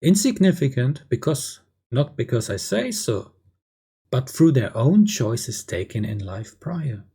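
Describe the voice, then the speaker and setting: Gravelly, husky man ranting bluntly. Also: medium pitch, sing-song, measured pace, dark tone. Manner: blunt, crude, lecturing, with frequent "yeah?" tags. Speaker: video creator. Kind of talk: ranting monologue.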